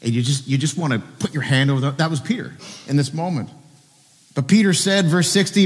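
A man's voice: on the high side, fairly quick, in a large hall. A pastor preaching a sermon at a church service, earnestly asking his listeners direct questions.

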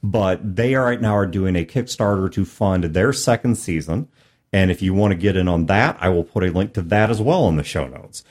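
Podcast host guy, lowish voice, easygoing plugs and intro. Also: normal speed, a little mellow. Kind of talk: casual podcast chat.

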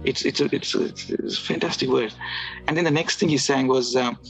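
A man casually telling a personal story, halting and restarting often, with filler words. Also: medium pitch, a bit bright, soft background music, poor audio. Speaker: guest telling his conversion story.

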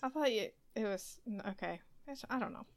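A woman co-hosting a podcast over a video call, chatting in an animated, exasperated way. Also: a little high, quick pace. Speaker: podcast co-host. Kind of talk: casual chat.

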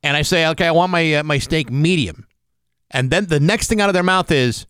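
A man's voice: fairly high pitch, fairly quick, fairly bright tone, clean tone, no echo, clean studio sound. Opinionated radio co-host man. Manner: opinionated, argues his point. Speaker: radio morning show host. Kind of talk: casual chat.

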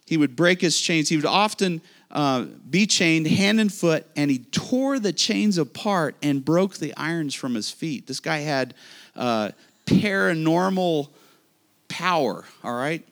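A man preaching a sermon, animated and speaking directly to his listeners. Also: on the high side, measured pace. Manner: animated preaching with asides to the audience. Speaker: pastor.

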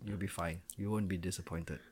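A man's voice: deep voice, steady tone, a little fast, darkish tone, a little hiss or hum. Male podcast co-host, teasing, easygoing, laughs a lot. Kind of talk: casual chat.

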